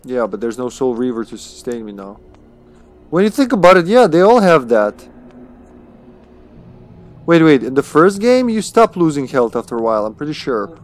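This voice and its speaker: A man's voice: medium pitch, very animated, moderate pace, long pauses, soft background music. A man streaming a video game live, chatting casually to himself with swearing and chuckles. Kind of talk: live gaming commentary.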